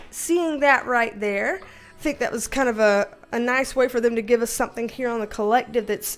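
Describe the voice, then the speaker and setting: A woman, a tarot reader chatting casually to her viewers in a loose, repetitive way. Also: a little high. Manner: chatty, loose and repetitive, talks baby-talk to a puppy. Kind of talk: casual vlog chat.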